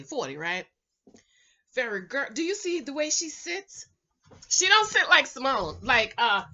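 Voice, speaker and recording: Brief: lively high-voiced woman from the islands, loud and playful reviewer, bright tone, dull lo-fi camera sound. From the Caribbean islands. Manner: animated, loud, laughs often, playful. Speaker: YouTube reality-show reviewer. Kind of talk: casual chat reading viewer comments. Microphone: camera mic, no microphone.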